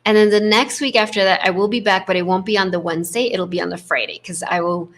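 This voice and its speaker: Gentle woman coach with "right?" tags. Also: mid-range voice, steady tone, fast. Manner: gentle, affirming, frequent "right?" tag; acts out inner voices with shifts in tone. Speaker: host and leadership coach. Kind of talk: spiritual coaching talk to a live group.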